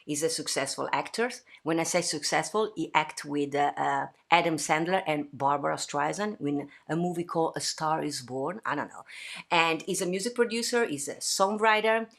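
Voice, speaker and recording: An Italian-accented woman hosts a livestream from her home, with a somewhat low voice. She chats in a lively way, full of fillers and restarts. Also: normal speed, gravelly. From Italy. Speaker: host. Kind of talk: livestream chat.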